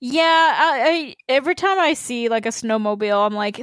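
A woman's voice: a little high, animated, fairly quick, fairly bright tone, no echo. A woman co-hosting a podcast, chatting casually and reading listener emails aloud in an easygoing, slightly hesitant way. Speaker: podcast co-host.

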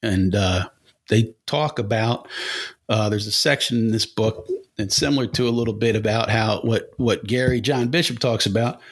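A man's voice: lowish voice, moderate pace, breathy edge. A man hosting a casual solo podcast, rambling bluntly with casual swearing and rhetorical questions. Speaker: podcast host.

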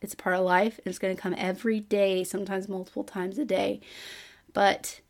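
Woman podcast host, emotional and choked up, earnest motivational monologue, halting with fillers. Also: medium pitch, flat delivery. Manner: earnest, pep-talk delivery with repeated calls to action; frequent fillers and restarts.

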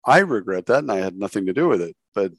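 A man hosts a podcast interview in a relaxed, conversational way. His voice sits low with a gravelly fry, and he rambles and restarts phrases often. The sound is dry and close. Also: fast talker, no room sound. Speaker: podcast host. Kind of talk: casual interview chat.

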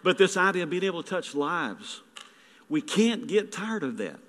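A man's voice: sits high, big pitch swings, moderate pace, a bit bright. Folksy man preaching, echoey hall. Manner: folksy, rambling with restarts and jokes. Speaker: guest preacher. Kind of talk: sermon. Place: church sanctuary.

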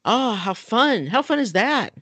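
High-voiced man chatting with laughs. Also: big pitch swings, a little slow, a bit bright, dry recording. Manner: laughs often, encouraging. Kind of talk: casual chat.

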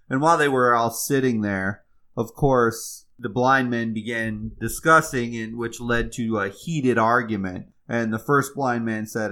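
A man telling a fable in a casual, conversational way, with fillers and restarts, then slowing down to reflect on its moral. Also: mid-range voice, steady tone, fairly bright tone. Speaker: storyteller.

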